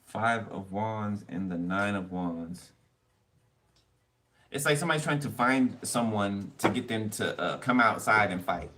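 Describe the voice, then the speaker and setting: A man's voice: fairly low pitch, lively intonation, a little slow, pushed and bright. A man giving a casual tarot reading, rambling and blunt with cards, swearing freely. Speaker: tarot reader. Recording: distant mic with background noise.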